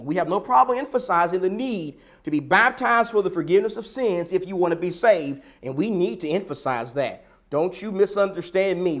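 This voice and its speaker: A man's voice: high voice, fairly bright tone. A man preaching a sermon, emphatic and repetitive, building his points with rhetorical questions.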